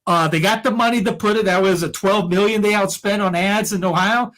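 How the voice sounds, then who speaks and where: This co-host has a high voice with fairly even intonation, speaking briskly in a fairly bright tone, with a little hiss or hum in the audio. He airs opinions casually on a podcast, rambling heatedly with frequent restarts and fillers.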